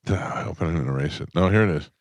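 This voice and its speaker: Radio host, man, very low voice, dry deadpan delivery, close dead studio sound. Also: quick pace, no echo. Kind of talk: casual talk radio banter.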